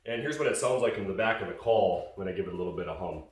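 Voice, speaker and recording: A man's voice: low voice, fast talker, very echoey, distant mic, background noise. A man casually explaining goose calling in a hunting call tutorial, rambling with fillers and restarts.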